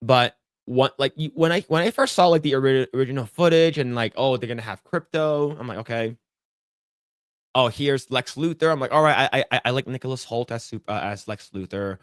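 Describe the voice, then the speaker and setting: A man co-hosting a podcast in casual chat, animated and profane, with sudden leaps into a much higher voice when acting out reactions. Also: brisk, clear, resonant tone, no room sound, studio quality. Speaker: podcast co-host.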